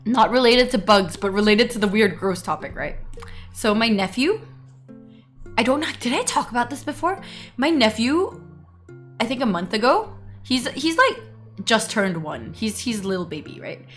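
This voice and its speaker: Giggly high-voiced woman streamer. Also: moderate pace, faint music behind. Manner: giggly, animated storytelling with frequent laughs. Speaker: VTuber streamer. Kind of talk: casual livestream chat.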